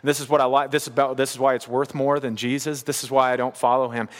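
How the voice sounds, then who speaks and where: A man delivers a sermon in an earnest, steady voice, hammering home key phrases by repeating them. His voice sits in the middle range for a man. A long reverb tail trails each phrase, as in a large church hall. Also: mid-range voice, quick pace. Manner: earnest, building to emphatic repetition. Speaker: pastor.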